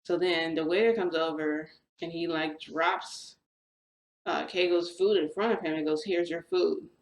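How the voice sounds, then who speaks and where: Chatty low-voiced woman, echoey room. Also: measured pace, slight background noise. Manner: chatty, animated retelling with quoted dialogue. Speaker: vlogger telling a shifting story. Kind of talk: casual storytelling.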